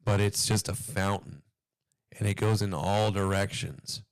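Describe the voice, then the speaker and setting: Host, male, hoarse, low-pitched, profane and furious, slow delivery, dry close sound. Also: fairly even intonation, no room sound. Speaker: commentary video host. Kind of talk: reaction commentary.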